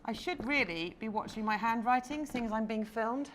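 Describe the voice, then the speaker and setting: A woman's voice: fairly high pitch, moderate pace, slight background noise. Chatty woman coaching a crowd. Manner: chatty and playful, jokes with the audience. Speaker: confidence coach. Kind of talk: live talk to an audience. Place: stage before a live audience.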